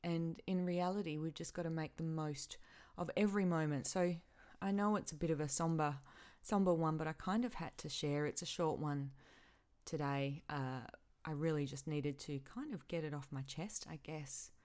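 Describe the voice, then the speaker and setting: Low-voiced woman podcasting through grief, halting, keeps restarting her sentences. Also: fairly even intonation, a little mellow. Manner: halting, emotional, repeats herself. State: grieving. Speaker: podcast host. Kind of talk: personal podcast monologue.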